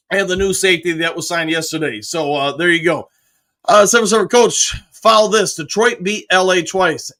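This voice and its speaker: Man, live-stream host, reads viewer comments, greets people by name, bright tone. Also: sits high. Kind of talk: casual live-stream chat.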